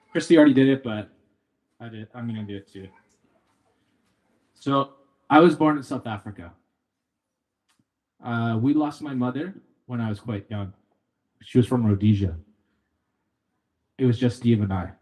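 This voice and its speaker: A young man from Canada stands up at a memorial gathering and tells stories about his father. His voice sits in an ordinary middle pitch, and his delivery is playful and joking while staying openly emotional. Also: normal speed, long pauses, a little mellow. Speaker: son giving a eulogy. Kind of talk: memorial speech with storytelling.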